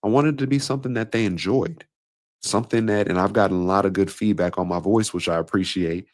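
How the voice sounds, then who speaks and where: A man with a nasal voice and a slight Southern country twang, talking through a solo podcast in a measured, deliberate way and shifting his pace for emphasis. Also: on the low side. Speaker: podcast host and speaking coach.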